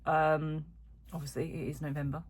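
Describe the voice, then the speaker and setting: A woman's voice: deep voice, flat delivery, moderate pace, husky. A woman chatting casually as she unboxes yarn on her crochet vlog, rambling with lots of little asides. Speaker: crochet vlogger. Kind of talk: casual chat while unboxing.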